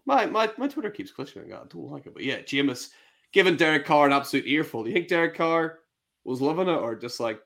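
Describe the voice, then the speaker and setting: Lively man reacting to sports clips. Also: fairly high pitch, fast talker, creaky. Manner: animated and laughing, reacting to clips. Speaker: co-host of a fantasy football show. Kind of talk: casual chat.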